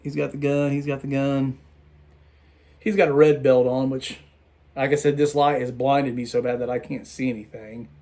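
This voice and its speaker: A tired man rambling through a casual toy review vlog late at night, halting and restarting his sentences. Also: medium pitch, level tone, mellow. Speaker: toy collector vlogger.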